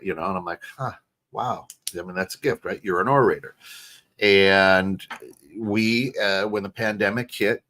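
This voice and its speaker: A middle-aged American man co-hosting a podcast, talking in an animated, casual way, restarting phrases and often asking "right?". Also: low-pitched. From United States. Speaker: podcast co-host. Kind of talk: casual chat.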